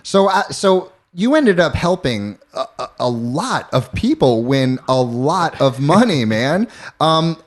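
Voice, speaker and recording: A man hosting a casual interview, asking questions haltingly with fillers and laughs. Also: fairly high pitch. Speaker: host.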